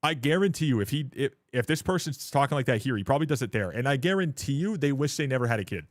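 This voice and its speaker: Picture a young man from Canada talking to his live-stream chat in a casual, blunt way. He swears freely and rants without much restraint. He breaks into laughter often, and his voice sits at a middle pitch for a man. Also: lively intonation, fast, dry recording.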